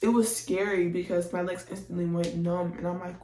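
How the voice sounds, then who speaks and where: A woman's voice: fairly low pitch, fairly even intonation, normal speed, hardly any pauses, dark tone. A woman telling a personal story in a chatty, slangy way, acting out her own reactions. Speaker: vlogger telling a birth story. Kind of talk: casual storytelling. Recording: echoey room, distant from mic.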